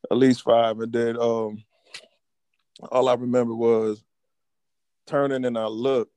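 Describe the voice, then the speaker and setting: A laid-back man co-hosting a casual podcast chat, spinning a slangy story. His voice sits at an ordinary middle pitch and sounds close and dry. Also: level tone, unhurried, dark tone, smooth, no echo. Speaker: podcast co-host.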